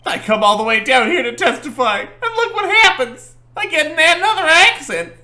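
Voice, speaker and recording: A man puts on a high, shrill accented voice for a sweaty middle-aged witness who rants and squeals at full volume. Bright and sharp, it leaps all over the place, with faint game music underneath. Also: very animated, moderate pace, heavily acted. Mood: indignant. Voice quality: put-on accent. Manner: shrill, indignant yelling.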